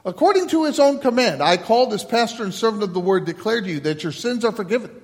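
A man leading a church service as pastor, moving from halting announcements to measured liturgical recitation. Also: high-pitched, animated. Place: church sanctuary. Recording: long church hall reverb.

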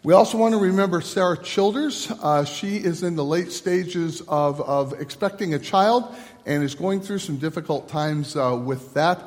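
A man leading a church service as pastor, moving from halting announcements to measured liturgical recitation. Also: fairly high pitch. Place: church sanctuary. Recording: long church hall reverb.

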